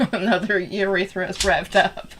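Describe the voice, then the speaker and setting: A woman's voice: medium pitch, fairly even intonation, measured pace, crowd noise. A woman co-hosting a casual game stream with friends, giggly and flustered as she keeps refusing. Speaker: streamer co-host. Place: home streaming room.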